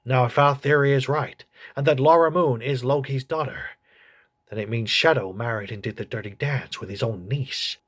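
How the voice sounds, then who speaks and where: A man voicing a crude, gossipy old male politician who reviews a TV show in a comedy sketch, with a husky voice. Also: mid-range voice, normal speed, lightly acted. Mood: snarky.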